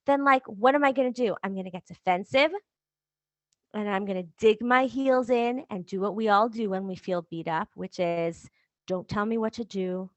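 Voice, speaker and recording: A woman's voice: medium pitch, moderate pace, no room sound. A woman coach hosting a podcast, talking her listeners through self-compassion in a conversational way full of rhetorical questions. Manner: warm conversational, rhetorical questions, laughs lightly. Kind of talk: motivational talk to listeners.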